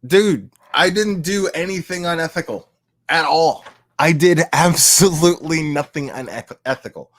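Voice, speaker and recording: A man's voice: on the high side, unhurried, a bit bright, no room sound, clean studio sound. A man telling a crude personal story in a casual way, often laughing as he goes.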